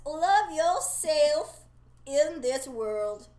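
Brief: woman putting on a mock-American advice giver, high voice, slow and sing-song, laughing through her sermon. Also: lively intonation, a little mellow, echoey room, heavily acted. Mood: mock preachy. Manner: giggly, preachy, breaking into laughter.

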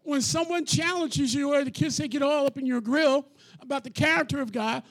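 A man's voice: extremely high pitch, a little fast, creaky. A man preaching an emphatic sermon, calling on his audience to repeat key words back to him. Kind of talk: energetic call-and-response sermon.

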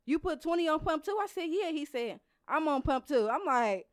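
A woman co-hosting a podcast, telling stories in casual chat, loud and profane with lots of laughing. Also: high-pitched, lively intonation, normal speed. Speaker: podcast co-host.

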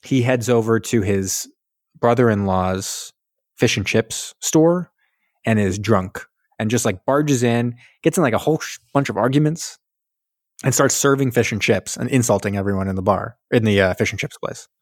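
A man's voice: fairly low pitch, normal speed, dry recording, studio quality. Rambling young man recapping a movie. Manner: rambling, acts out characters in voices. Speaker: podcast co-host. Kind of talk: casual movie recap chat.

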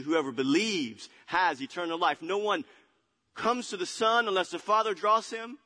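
Preacher man in an echoing hall. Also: a little high. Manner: animated, acts out grumbling crowd with muttered asides. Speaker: pastor. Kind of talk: sermon. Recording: long hall reverb.

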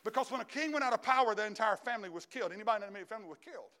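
Preacher guy, real high voice, bright and gravelly, acts out the story and gets loud. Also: animated, rapid-fire. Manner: dramatic storytelling, acting out the characters; builds to shouts. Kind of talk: sermon.

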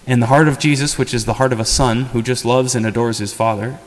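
A man's voice: mid-range voice, fairly even intonation, fast, hardly any pauses. A man preaching a sermon as parish priest, conversational and earnest, often pleading. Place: church. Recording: long church reverb.

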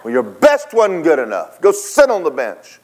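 A man's voice: on the high side, wildly swooping pitch, a little mellow, pitched above the performer's own voice. A man doing a stern, barking football coach. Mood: scolding. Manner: scolding, drawn-out barking. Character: gruff, stern adult male football coach.

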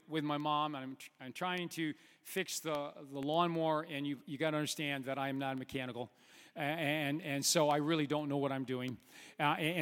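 High-voiced preacher man in an echoey hall. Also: clear, resonant tone. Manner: halting, many fillers and restarts, rising to loud emphatic preaching. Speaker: pastor. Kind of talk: sermon. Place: church sanctuary. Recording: long hall reverb.

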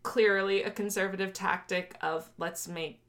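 A woman's voice: medium pitch, steady tone, normal speed, fairly bright tone. A woman co-hosting a casual history podcast, talking in a chatty, sarcastic way. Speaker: podcast co-host.

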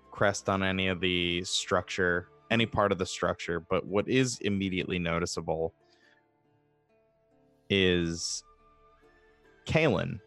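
A man's voice: deep voice, fairly bright tone, clear, resonant tone, no echo. A man narrating as game master of a tabletop game, in a loose, rambling way with many fillers.

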